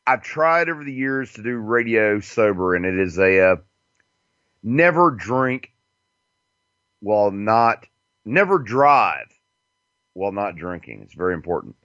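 Man, radio show host, slow rambling talk, lively swinging pitch, dull lo-fi sound. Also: no echo. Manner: rambling and profane, with frequent fillers and chuckles.

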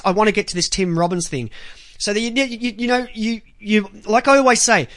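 An Australian man hosts a talk radio show in a loose, rambling monologue full of ums, restarts and casual swearing. His voice is fairly high and bright. The sound is close and dry, with no room around it. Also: no echo.

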